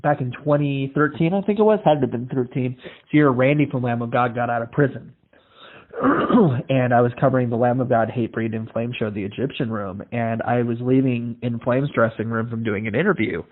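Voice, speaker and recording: A man's voice: medium pitch, fairly even intonation, brisk. A male podcast host from Iowa, telling stories in casual chat, acting out the voices in them and swearing freely. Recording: tinny phone-like lo-fi audio.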